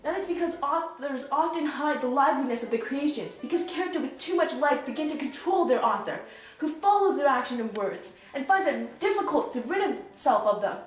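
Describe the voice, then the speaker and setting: A woman's voice: sits high, lively intonation, a little fast. A woman playing a brooding, philosophical father who lectures earnestly. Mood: lecturing. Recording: echoey room, far mic, faint music.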